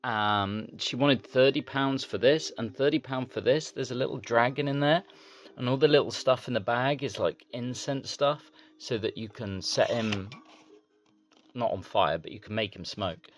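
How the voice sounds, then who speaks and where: A man's voice: medium pitch, normal speed. Easygoing guy rambling through a haul. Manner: rambling, easygoing show-and-tell. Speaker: toy collector vlogger. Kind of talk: casual haul vlog.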